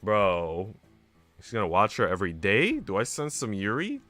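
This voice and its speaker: A man's voice: lowish voice, wildly swooping pitch, normal speed, bright, forceful tone, dry recording, faint music behind. A man streaming a game, reading it aloud and adding playful, joking asides. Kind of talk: reading a visual novel aloud with commentary.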